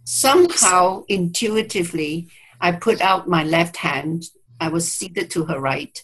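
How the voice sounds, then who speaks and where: A woman's voice: on the low side, unhurried, a bit bright, rough recording. A woman therapist telling a client story in an interview, speaking reflectively, with hesitant restarts and quoted dialogue, over a video call. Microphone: video call mic.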